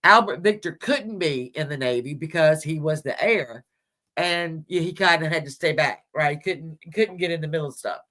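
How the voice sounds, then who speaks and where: In a low, fairly bright voice at a moderate pace, a woman runs a livestream where she casually discusses history with viewers. She searches images on screen as she goes, rambling, chuckling and dropping crude asides.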